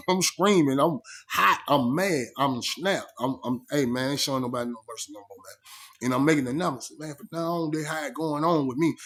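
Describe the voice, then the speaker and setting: A vlogger with a slightly high, fairly bright male voice tells a story casually in the first person. He's emphatic and streetwise, frequently asking "you know what I mean."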